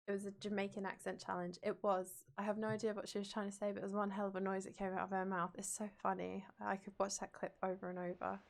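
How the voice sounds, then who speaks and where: A woman's voice: mid-range voice, level tone, fast talker, vocal fry, hardly any pauses. A young woman streamer and drama teacher, rambling casually as she plays a game and reads chat aloud and answers it.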